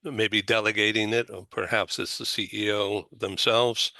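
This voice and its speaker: Boston guy hosting a panel, slow talker, gravelly and bright, dry sound. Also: on the low side, little pitch movement, no echo. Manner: slow, gravelly, laughs often. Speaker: talk show host. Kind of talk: panel discussion.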